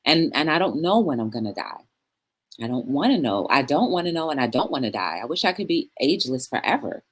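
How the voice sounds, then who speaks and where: A woman's voice: a bass voice, big pitch swings, a little fast, slightly rough. A woman hosting a live talk show, chatting casually and rambling, answering viewers and laughing often. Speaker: talk show host reading live chat. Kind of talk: casual chat.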